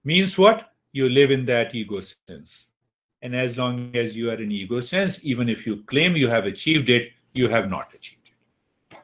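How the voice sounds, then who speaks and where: A man's voice: medium pitch, animated, normal speed. A man teaching a class on Eastern wisdom. He repeats key words and often checks in with his listeners. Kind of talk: spiritual lecture to a class. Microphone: computer mic, online class.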